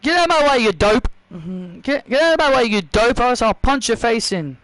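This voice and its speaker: Man doing a brash female wrestler, taunting, high voice, dry sound. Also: animated, moderate pace, a bit bright, no room sound, exaggerated voice, rough recording. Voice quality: insulting, taunting.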